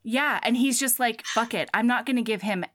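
Woman gushing through a book recap, slightly high voice, dry close mic. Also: moderate pace, no echo. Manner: animated retelling, acts out dialogue. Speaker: podcast co-host. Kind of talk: casual book chat.

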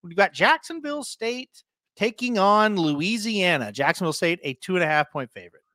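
A man with a high-pitched voice hosts a casual sports betting show, breezing through picks and throwing questions to his partner. The sound is dry and close, with no room around it. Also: sing-song, moderate pace, pushed and bright, dry recording. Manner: breezy, leads the picks and asks for co-host's take. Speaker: sports betting podcast host.

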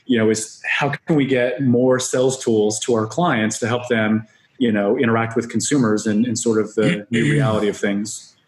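Man talking business in a roomy echo. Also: mid-range voice. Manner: upbeat business talk with restarts. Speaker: software company guest. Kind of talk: podcast interview.

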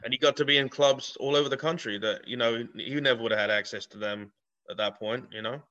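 Male guest comic from England, bright forceful voice, blunt and profane, muffled lo-fi recording. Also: medium pitch, fairly even intonation, quick pace. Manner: blunt, swearing, laughs often. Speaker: guest comedian. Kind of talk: casual podcast chat.

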